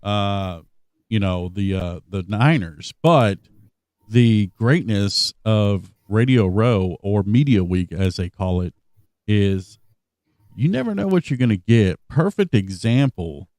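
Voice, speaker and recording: A man's voice: lowish voice, slow pace, dry recording, clean studio sound. A man co-hosting a sports podcast, chatting casually and animatedly and playing clips. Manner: animated, laughing, plays clips. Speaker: podcast co-host.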